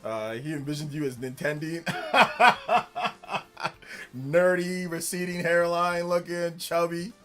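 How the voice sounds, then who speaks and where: A man's voice: fairly high pitch, steady tone, slow, sharp tone, soft background music. A man from California hosting a casual live stream, chatting with viewers in an upbeat, elevated presentation voice and laughing often. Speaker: streamer hosting a live gaming news show.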